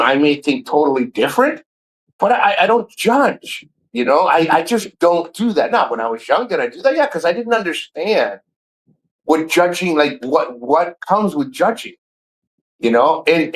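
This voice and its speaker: A man's voice: fairly high pitch, low-quality recording. A man in his fifties chatting casually on a live stream, rambling and swearing freely, often repeating words and restarting sentences. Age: 50s.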